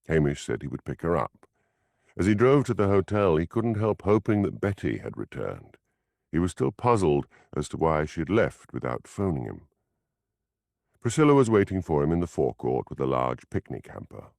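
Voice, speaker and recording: Very deep, gravelly male narrator. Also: moderate pace, no room sound, clean studio sound. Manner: expressive storytelling. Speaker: audiobook narrator. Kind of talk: scripted narration.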